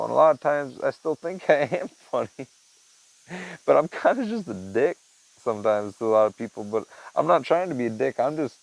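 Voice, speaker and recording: A man in his garage talking casually to his viewers, rambling and swearing, and cooing at his cat in a high voice. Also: gravelly, poor audio. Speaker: vlogger. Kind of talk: casual monologue to camera.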